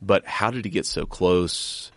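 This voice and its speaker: A middle-aged man chatting as a guest, halting and often repeating his words. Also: low-pitched, a bit bright, no room sound. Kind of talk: casual conversation.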